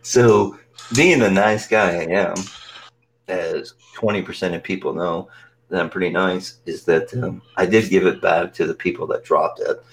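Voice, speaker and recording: A man with a very low voice co-hosts a casual podcast, spinning teasing stories and laughing often. A faint ambience sits under his voice. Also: steady tone, moderate pace, creaky, slight background noise, rough recording. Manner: joking, teasing storyteller who laughs a lot. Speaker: podcast co-host. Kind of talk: casual chat.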